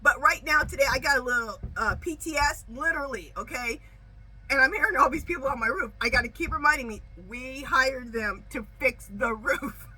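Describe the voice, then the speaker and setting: Middle-aged woman doing a tarot vlog, really bright tone, chatty, keeps going "okay?". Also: high-pitched, a little fast, poor audio. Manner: chatty and animated, says "okay?" constantly, laughs a lot while storytelling. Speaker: tarot reader and channel host. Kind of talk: casual tarot vlog chat. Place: outdoors at home.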